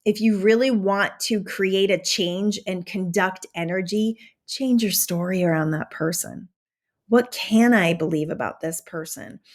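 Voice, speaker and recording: A woman hosting a podcast, giving a casual motivational talk with animated enthusiasm and a slight Southern American twang. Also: mid-range voice, a little slow. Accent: drifting into a Southern American twang. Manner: animated, enthusiastic, conversational with many fillers. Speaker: podcast host and manifestation coach.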